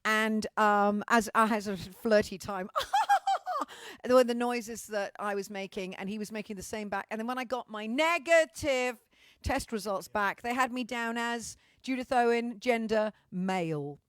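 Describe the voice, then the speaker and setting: A woman's voice: fairly high pitch, big pitch swings, measured pace, no room sound, studio quality. Brassy, foul-mouthed British woman. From Britain. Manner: bawdy, swearing, theatrical. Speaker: host of an online show. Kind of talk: comedic casual monologue.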